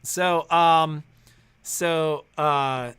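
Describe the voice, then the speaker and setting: A man hosts a shop's livestream in a loose, chatty way. His voice is bright and clear, and he often laughs as he tells family stories. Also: a little high, fairly even intonation, very slow. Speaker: store co-owner and livestream host. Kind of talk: casual livestream chat.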